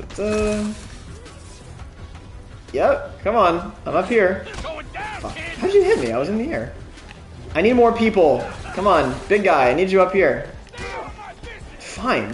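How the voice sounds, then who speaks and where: A young man streaming a video game, chatting casually, swearing often and laughing as he reacts loudly to the action. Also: sits high, animated, measured pace. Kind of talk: casual gameplay commentary. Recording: echoey room with game music.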